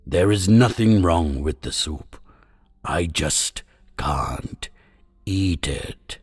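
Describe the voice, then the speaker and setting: A man doing a lordly storybook lion who takes his time over every word, pitched deep and drawn out. He sounds pompous and grand, on a dry, close recording. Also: expressive, slightly rough, no echo, full character voice. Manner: slow, grand, drawn-out speech.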